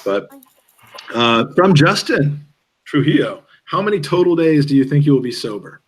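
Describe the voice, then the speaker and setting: A man hosting a podcast in casual chat, talking in a halting, joking way with many fillers and restarts. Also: fairly high pitch, big pitch swings, breathy edge. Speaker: podcast host.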